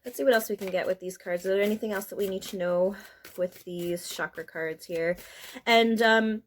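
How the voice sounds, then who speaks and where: A woman's voice: mid-range voice, fairly even intonation, normal speed, a little hiss or hum. Woman tarot reader, casual and chatty, emotional, laughs often, talks straight to her viewers. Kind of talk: casual spiritual card reading.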